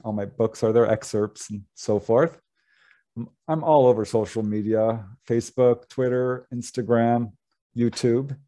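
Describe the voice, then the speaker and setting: A man guest on a podcast interview, animated and laughing often as he talks through his experiences. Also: mid-range voice, measured pace. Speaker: guest author.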